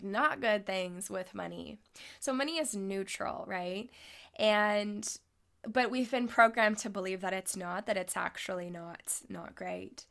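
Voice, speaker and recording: A young adult woman speaks straight to camera in a casual, chatty way. She sounds upbeat and keeps checking in with her listener as she goes. Her pitch sits in the middle range for a woman. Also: fairly bright tone. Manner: chatty, upbeat, lots of "like" and "right?". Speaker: spiritual coach. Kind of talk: casual talking-head vlog.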